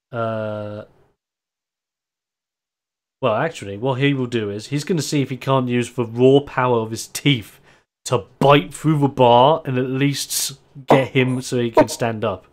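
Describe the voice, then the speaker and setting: Animated man narrating a tabletop game. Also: mid-range voice, a little slow. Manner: animated narration, laughs often. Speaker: game master.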